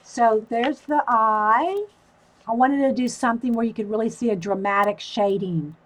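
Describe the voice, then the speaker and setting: A woman's voice: on the high side, normal speed, low-quality recording. A woman hosting a live stream, chatting casually through a coloring demo and answering viewer comments.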